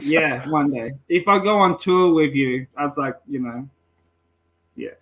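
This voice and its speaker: A man's voice: on the high side, measured pace, lo-fi sound. A man co-hosting a podcast, easygoing and casually swearing. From Australia. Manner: laid-back, swears casually. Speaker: podcast host. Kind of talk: casual chat.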